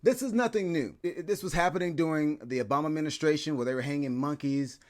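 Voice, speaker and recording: Guy doing a chatty commentary vid, kinda higher voice, lots of "you know"s. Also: fast talker, a little mellow, a faint crowd. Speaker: commentary channel host. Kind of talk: casual commentary.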